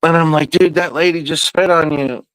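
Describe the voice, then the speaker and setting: A man's voice: fairly high pitch, fairly even intonation, moderate pace, fairly bright tone, clean tone, no room sound, rough recording. A man hosting a podcast, telling a loose, profane story in a casual, rambling way. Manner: profane, loose and meandering, with drawled asides. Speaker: podcast host.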